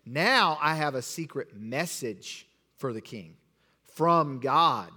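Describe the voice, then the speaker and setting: A man's voice: medium pitch, animated, pushed and bright, pitched below the performer's own voice, full character voice. A man playing a cunning hero with a secret message. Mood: solemn. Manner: slow, deliberate, solemn delivery. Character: cunning adult male Israelite hero delivering a secret message. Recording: long hall reverb.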